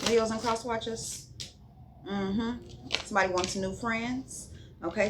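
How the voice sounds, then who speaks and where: A woman's voice: on the low side, background noise. A woman giving a casual tarot reading, blunt and profane, drifting into sing-song asides between card readings. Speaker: tarot reader.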